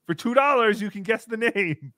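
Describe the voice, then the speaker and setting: A man in his thirties hosting a livestream, reading donations and joking around in a casual, animated way. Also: sits high, normal speed, no echo, clean studio sound. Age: 30s. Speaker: livestream host.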